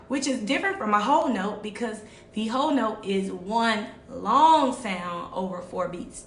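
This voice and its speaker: Slow, patient woman teaching a music lesson. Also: mid-range voice, expressive, far from the mic, background noise. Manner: patient, repeats and checks in with "all right?". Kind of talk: online music lesson for children. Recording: echoey room, voice away from mic.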